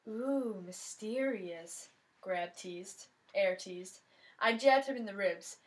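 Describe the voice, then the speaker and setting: A woman reads a mystery novel aloud, voicing the first-person narration with lots of expression. She speaks slowly in a mid-range voice, and the recording is rough.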